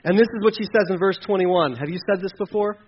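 A man's voice: high voice, fast talker, breathy edge, dull audio. A man preaching a sermon with passion, acting out the voices from the scripture story. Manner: impassioned, acts out voices from the scripture. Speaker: pastor.

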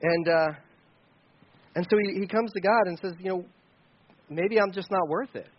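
A man preaching a sermon in an earnest, conversational way, with many restarts and asides, rising to loud pleading and dropping to quiet remarks. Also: high voice, normal speed, slightly rough. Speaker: pastor. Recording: dull lo-fi sound.

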